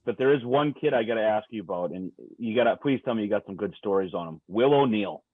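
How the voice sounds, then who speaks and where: Husky, animated host on a lo-fi recording. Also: male voice, fairly low pitch, fast talker, no echo. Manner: eager, profane, pushes for stories. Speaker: podcast host. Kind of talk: casual podcast chat. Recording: dull lo-fi recording.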